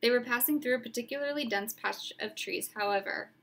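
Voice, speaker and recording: A woman narrating a storybook aloud in a steady, expressive way. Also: fairly high pitch, fairly quick, vocal fry, slight background noise. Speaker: reader.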